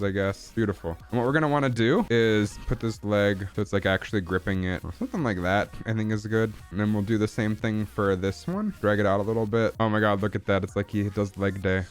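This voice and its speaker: A man's voice: fairly low pitch, clear, resonant tone. A man casually talking through his digital drawing as he streams, goofy and playful, in a put-on accent, with faint music behind. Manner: goofy and playful, silly sound words and mock grandeur. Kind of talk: casual live-stream commentary while drawing.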